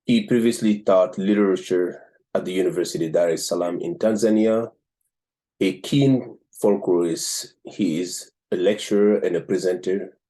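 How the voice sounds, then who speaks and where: A man from Africa with an African accent hosts a show, reviewing a book and reading it aloud in a measured way with frequent "um" pauses. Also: low voice, warm tone. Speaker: host and book reader.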